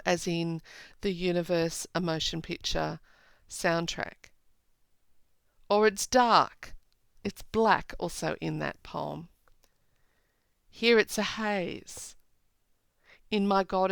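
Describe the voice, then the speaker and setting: A woman teacher giving a poetry analysis lesson, slowly rereading lines and drawing out their meaning. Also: lowish voice, gravelly, clean tone, no room sound, poor audio. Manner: slow, deliberate, rereads lines aloud. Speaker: English teacher.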